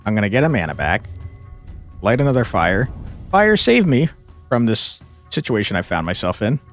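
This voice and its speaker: Animated male streamer, exasperated. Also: lowish voice, a little fast, soft background music. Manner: exasperated, swearing, laughing often. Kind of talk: casual gameplay commentary.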